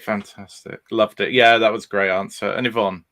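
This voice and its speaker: A man hosting a casual quiz aftershow, relaxed and full of fillers. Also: lowish voice, a little fast. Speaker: podcast host.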